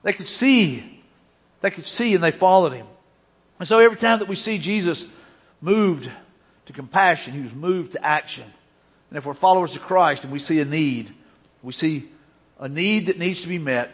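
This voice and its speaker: A man's voice: on the high side, normal speed, pauses often, slightly rough. A man preaching a sermon as pastor, earnest and repeating his key phrases for emphasis. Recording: dull lo-fi sound with long hall reverb.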